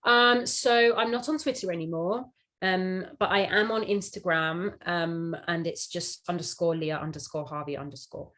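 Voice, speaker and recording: A young actress from London speaks with a London accent in a relaxed podcast interview over a call. Her voice sits low for a woman, and her talk is upbeat and easygoing, with plenty of "um"s. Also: normal speed. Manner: upbeat, laughs easily, lots of "um"s. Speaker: actress guest. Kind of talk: casual interview chat.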